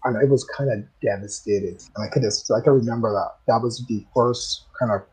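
A man from the Caribbean, a guest on a comics interview show, answering in an unhurried, reminiscing way. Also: medium pitch, a little mellow, slightly rough, poor audio.

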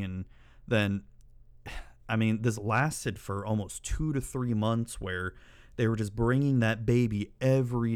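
Fairly low and smooth, this man's voice carries his rambling stories to camera. As a channel host he's casual and profane, often breaking into exasperated rants.

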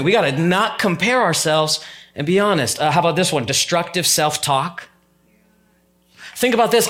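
A man's voice: on the high side, fairly bright tone. Fervent male pastor preaching a sermon. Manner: conversational preaching, rising to emphatic peaks.

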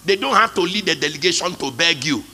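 A man's voice: a little high, animated, fast talker, sharp tone. A male pastor preaching a sermon, emphatic, calling out to the congregation for responses. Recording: long hall reverb.

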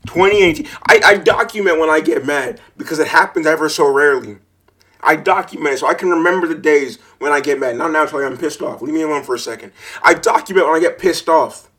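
A man telling a frustrating story in a casual rant, swearing freely and repeating himself as his anger builds into shouting. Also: on the high side, fast talker. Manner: repeats words and restarts while recalling.

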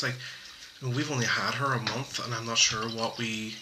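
A man chats casually as a podcast co-host in a mid-range voice. He talks in a relaxed way and often repeats words as he restarts. A steady background noise is clearly audible under him. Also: mid-range voice, moderate pace. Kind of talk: casual chat. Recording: noisy background hiss.

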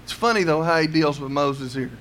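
A man's voice: a little high, a little fast, a bit bright, a little hiss or hum. A man preaching a sermon, pressing his listeners with rhetorical questions and repeating words as he builds his point.

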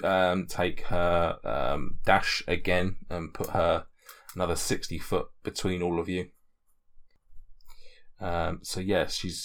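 A man running a tabletop game as game master, chatty and relaxed, with many ums and restarts. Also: deep voice.

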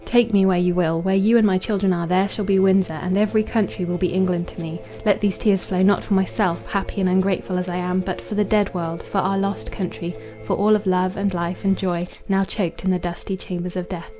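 A grieving young noble wife speaks softly and formally, tender and resigned, as a woman narrator reads her part. Her voice is mellow, quiet and level in pitch. The recording is dull and lo-fi, with faint music behind. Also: fairly even intonation, fairly quick, few pauses, lightly acted. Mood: sorrowful. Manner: soft, formal, old-fashioned speech.

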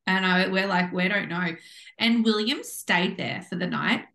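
A woman co-hosting a podcast, telling a story in a bubbly, animated way and acting out what people said. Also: medium pitch, a little slow, vocal fry. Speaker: podcast co-host. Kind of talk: casual chat. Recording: echoey room.

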